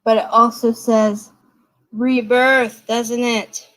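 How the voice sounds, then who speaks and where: Woman, tarot reader, live-stream reading, unhurried delivery, chatty with viewers. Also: on the high side, flat delivery, a bit bright, poor audio. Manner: chatty, laughing, speaks straight to viewers.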